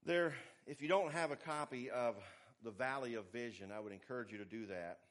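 A man preaching a sermon, emphatic, swinging between hushed asides and forceful exhortation. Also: medium pitch, brisk.

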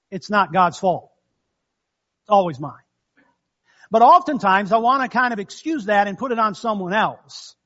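High-voiced folksy pastor. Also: male voice, a bit bright, lo-fi sound. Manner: folksy, conversational, with call-and-response amens. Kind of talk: sermon.

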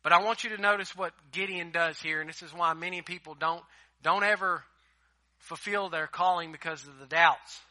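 Male pastor delivering an emphatic sermon; bright, cutting tone, slightly high voice. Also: moderate pace, no echo, clean studio sound. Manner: emphatic preaching, swinging between loud and hushed.

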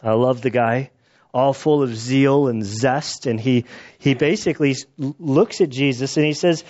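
A man's voice: mid-range voice, a little slow, a little mellow, muffled recording. A man giving a casual Bible teaching, conversational and acting out quotes with the odd laugh.

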